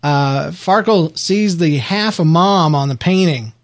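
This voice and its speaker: A man co-hosting a casual show recap podcast, talking in a rambling, animated way with frequent restarts. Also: on the high side, slow. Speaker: podcast co-host.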